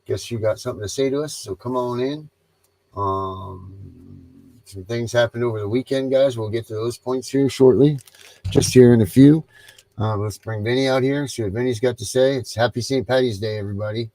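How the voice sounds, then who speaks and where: A man's voice: mid-range voice, normal speed, dark tone, no echo, poor audio. A man hosting a casual livestream chat, loose and rambling, with frequent ums. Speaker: livestream host.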